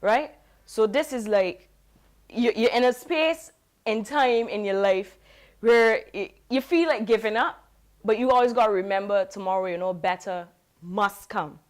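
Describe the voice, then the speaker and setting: A woman reggae singer, reflecting in a relaxed, casual interview. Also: medium pitch, measured pace. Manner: relaxed, reflective, with many "you know" fillers.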